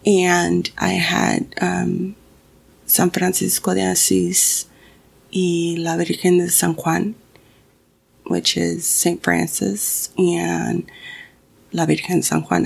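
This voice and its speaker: A woman's voice: on the low side, creaky, breathy edge. A young woman telling a personal story casually, swearing often and restarting her sentences. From Mexican family.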